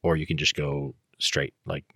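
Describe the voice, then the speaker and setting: Very deep-voiced man, husky and dry. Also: moderate pace, no echo. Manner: relaxed storytelling with fillers. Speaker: guest. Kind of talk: casual podcast chat.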